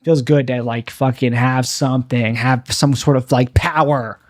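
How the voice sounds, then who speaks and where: A man's voice: mid-range voice, fairly even intonation, measured pace, no room sound, clean studio sound. A young man doing a confessional stand-up monologue, rambling and bitter, mocking himself with frequent restarts. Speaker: stand-up comedian.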